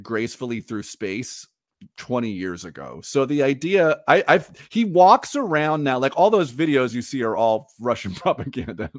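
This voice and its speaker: Animated, laughing podcast co-host man. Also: medium pitch, no echo, clean studio sound. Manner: animated, laughs often, lively storytelling. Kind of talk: casual chat.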